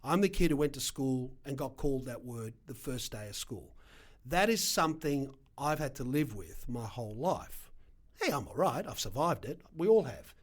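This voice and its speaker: A middle-aged Australian man with an Australian accent, a guest telling his story in an animated, emphatic way with punchy asides. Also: mid-range voice, normal speed. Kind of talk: casual storytelling interview.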